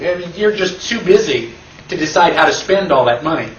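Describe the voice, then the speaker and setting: An emphatic man with a fairly high voice teaches a classroom lecture and keeps throwing rhetorical questions at his listeners. The sound is roomy and echoey. The mic sits at some distance from him. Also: expressive, a little fast, muffled recording, a little hiss or hum. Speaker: constitution class instructor. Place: classroom with an audience.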